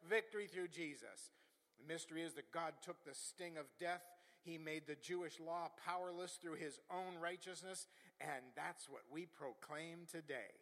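A man's voice: a little high, a bit bright. A middle-aged male preacher giving a sermon, building rhythmic repeated proclamations and chuckling at his own asides. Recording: long hall reverb.

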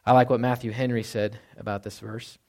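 A man's voice: medium pitch, level tone, brisk. A man giving a casual, conversational sermon as a pastor. He chuckles often and ends many points with "right?". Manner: drops to a hushed voice when quoting.

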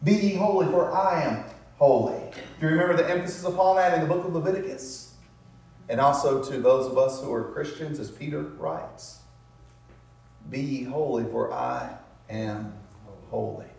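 Preaching in a church sanctuary, a man with a slightly high, darkish voice speaks briskly to his congregation. He stretches out words for emphasis and uses call-and-response tag questions such as "isn't it?". Heavy echo surrounds his voice, which is distant from the microphone.

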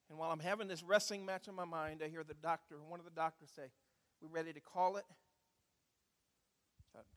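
A man's voice: a little high, fairly even intonation, a little fast, long pauses, fairly bright tone, in a large hall. A man preaching a sermon as pastor, telling a story and asking the congregation questions.

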